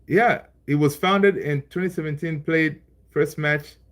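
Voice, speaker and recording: A man's voice: a little high, a little slow, a bit bright. A man hosting a live stream in a loose, conversational way. He talks back to chat and repeats his own lines for emphasis. His speech is full of fillers and restarts. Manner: loose and chatty, laughs along with viewers; many fillers, repeats phrases. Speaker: livestream host reading chat.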